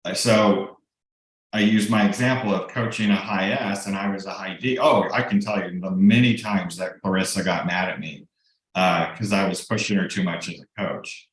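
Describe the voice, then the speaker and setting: Lowish-voiced man coaching in an echoey room. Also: fairly even intonation, moderate pace. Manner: casual and explanatory, with frequent ums and restarts. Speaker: real estate broker and coach. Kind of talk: team training presentation.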